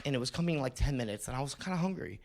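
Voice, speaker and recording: A man's voice: medium pitch, expressive, racing, a little mellow. A man in his thirties, co-hosting a podcast, telling a rambling story in casual chat with lots of swearing. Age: 30s. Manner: rambling, swears a lot, acts out voices in anecdotes. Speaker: podcast co-host.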